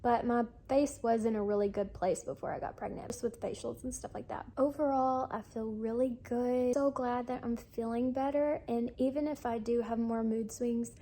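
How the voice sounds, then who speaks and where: Candid young woman, mellow vlog voice. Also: a little high, fairly even intonation, normal speed, hardly any pauses. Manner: candid, confiding, chatty with fillers. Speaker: vlogger. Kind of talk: casual pregnancy update vlog.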